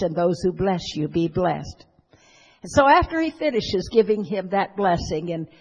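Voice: mid-range voice, a little mellow, slightly rough. A preacher retelling a Bible story in a sermon, folksy, with asides to the listeners. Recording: long hall reverb.

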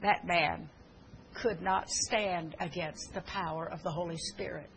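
A woman's voice: on the low side, steady tone, measured pace, a bit bright, slight background noise, poor audio. A woman preaching a sermon, telling stories earnestly with fillers and restarts, and urging her listeners fervently.

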